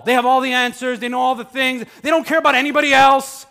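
Male pastor, high voice, bright, sermon, chatty and animated, loud then hushed. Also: fairly quick, hardly any pauses.

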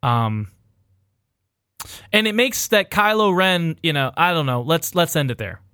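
A man's voice: on the high side, animated, unhurried, pushed and bright, smooth, no echo, clean studio sound. A man recapping a movie in casual, profane podcast chat, rambling and irreverent and laughing as he goes. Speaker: podcast host recapping a film.

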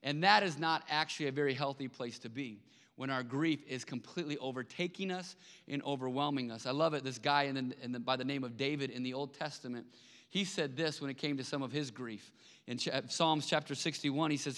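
A man's voice: mid-range voice, fairly quick, fairly bright tone. A man preaching a sermon as pastor, speaking in a conversational way and often repeating words when he stresses a point. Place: large church hall. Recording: long hall reverb.

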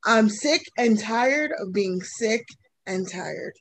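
A woman's voice: mid-range voice, animated, slow. A woman co-leading a call-and-response over a video call, steadily repeating a short mantra. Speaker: co-facilitator.

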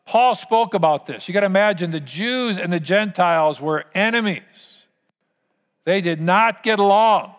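A man's voice: high-pitched, fairly bright tone, in a large hall. A man preaching a sermon as pastor, earnest and storytelling, asking the congregation to repeat lines after him.

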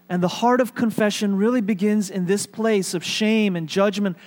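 A man's voice: sits high, fairly even intonation, normal speed, darkish tone. A male pastor preaching a sermon in a conversational way, with fillers and light humor.

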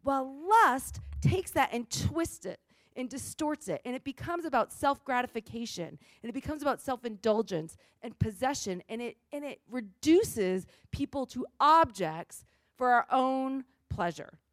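A woman's voice: high-pitched, animated, measured pace, no echo, studio quality. A woman preaching a conversational sermon, talking casually, often saying "like" and checking in with "right?".

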